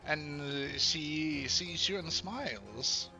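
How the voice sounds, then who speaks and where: A man narrating a tabletop game as game master, slowly searching for words with many fillers. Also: on the high side, animated, gravelly, music in the background.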